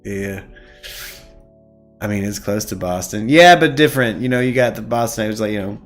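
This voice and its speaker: A man's voice: lowish voice, normal speed, soft background music. A man co-hosting a live news stream in casual chat, loose and profane, laughing often. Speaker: podcast co-host.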